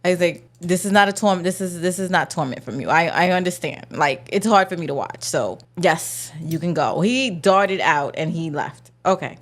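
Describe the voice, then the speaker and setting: A woman's voice: on the low side, animated, normal speed, hardly any pauses. A young adult woman ranting casually about a movie, sarcastic and slangy, mocking the characters in exaggerated voices. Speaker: movie reviewer. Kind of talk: casual vlog rant.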